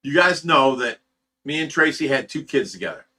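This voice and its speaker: A man's voice: medium pitch, lively intonation, normal speed, sharp tone. A man hosting a livestream, telling a personal story in a blunt, profane, rambling way with many restarts. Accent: Ohio. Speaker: livestream host of a fish rescue channel.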